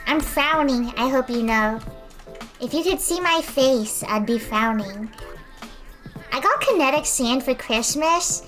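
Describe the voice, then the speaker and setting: A woman's voice: high voice, a bit bright. A woman streamer chatting casually while she paints, rambling and self-deprecating.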